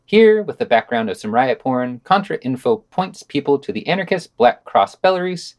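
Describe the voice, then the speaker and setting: A man co-hosting a podcast, reading short reviews and asking questions in a measured, plain way. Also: medium pitch, very animated. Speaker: podcast co-host. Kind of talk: podcast reviews and casual discussion.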